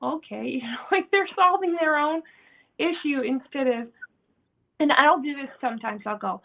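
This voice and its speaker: A woman with a high, light voice talks in casual podcast chat, slipping into acted-out quotes with frequent laughter. The sound is thin and tinny, like a phone line. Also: moderate pace, vocal fry. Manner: acts out quoted dialogue, laughing often. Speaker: podcast host.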